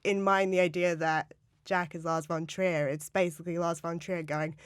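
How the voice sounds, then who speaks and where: A woman film critic in a podcast debate, talking in an animated, wry way. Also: on the low side, moderate pace, smooth, no room sound. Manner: animated, mocking impressions, wry.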